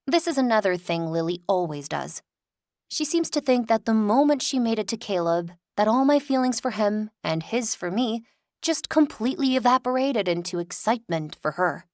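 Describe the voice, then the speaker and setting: A woman reading a first-person romance audiobook with expressive, wry storytelling. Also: fairly low pitch, no echo, studio quality. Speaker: audiobook narrator.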